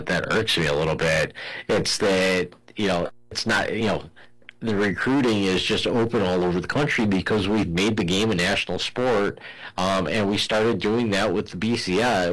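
A man's voice: low voice, fairly bright tone, rough recording. A man talking college sports in a casual, rambling way, full of "you know" fillers and restarts. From Ohio. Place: home in Arizona.

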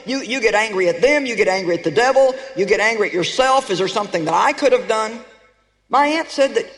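An older woman delivers an emphatic, animated sermon to a congregation, urging her listeners on. Her voice rings out with a long reverberant tail from a large hall. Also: on the high side. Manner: emphatic, animated, rallying the audience. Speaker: TV preacher.

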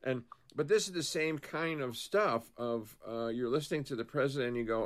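A man talking politics in a casual chat, rambling with frequent restarts and trailing phrases. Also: medium pitch. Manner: rambling, halting, many restarts.

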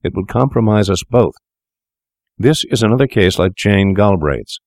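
A man voicing a calm, sinister young male doctor who talks persuasively and lectures his accomplice. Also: on the low side, moderate pace, no room sound, studio quality, pitched above the performer's own voice. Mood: coaxing.

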